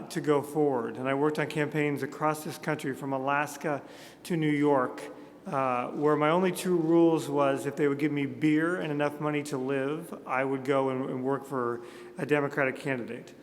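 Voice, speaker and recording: A man in his thirties from Montana gives a humorous keynote in a large conference hall, his slightly high voice fairly even in intonation and moderate in pace. He tells self-deprecating stories with jokey asides, and the recording carries an echoey hall's long reverb.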